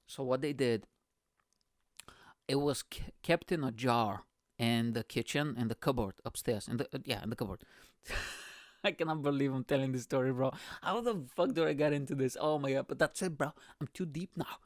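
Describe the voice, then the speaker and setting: A comedian and podcast host tells a story in a monologue, swearing constantly, making asides to the listener, and laughing at his own tale along the way. His voice sits at a medium pitch and normal speed, recorded close and dry with no room sound.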